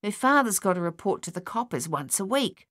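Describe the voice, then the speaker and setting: A woman's voice: medium pitch, very animated, brisk, fairly bright tone, dry recording, clean studio sound. A woman doing a brash young country lad. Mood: blunt. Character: blunt young country lad, gossipy and snobbish.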